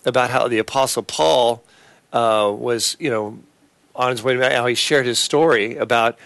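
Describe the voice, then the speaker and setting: A man's voice: mid-range voice, vocal fry, a bit bright, no echo. Earnest man hosting a Christian talk show. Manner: earnest, halting with fillers and restarts. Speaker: host.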